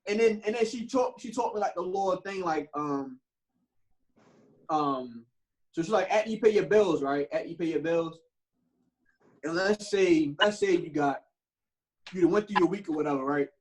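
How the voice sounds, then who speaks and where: A young man talks on a casual podcast, animated and slangy, leaning into his stories with plenty of cursing. His voice sits a little high for a man. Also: moderate pace, long pauses, poor audio. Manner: animated storytelling with slang and profanity. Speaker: podcast co-host. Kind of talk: casual chat.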